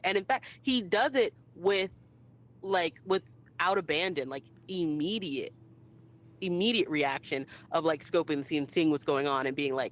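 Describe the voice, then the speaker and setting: A woman co-hosting a casual podcast, talking in a lively way and acting out quoted remarks. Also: low voice, measured pace, low-quality recording. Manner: lively, acts out quoted lines. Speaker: podcast co-host. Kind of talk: casual chat.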